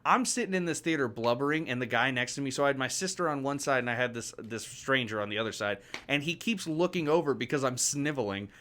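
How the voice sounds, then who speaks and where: A man co-hosting a podcast, chatting candidly about a movie in a relaxed way and swearing casually. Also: medium pitch, fast talker, hardly any pauses, a little hiss or hum. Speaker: podcast co-host. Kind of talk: casual movie review chat.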